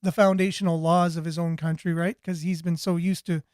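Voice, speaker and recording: Guy hosting a talk show, fairly high voice, dry sound, rambles and restarts a lot. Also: flat delivery, a little fast, a little mellow, no room sound. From Canada. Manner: rambling, repeats words and restarts. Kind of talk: casual commentary, reading viewer comments.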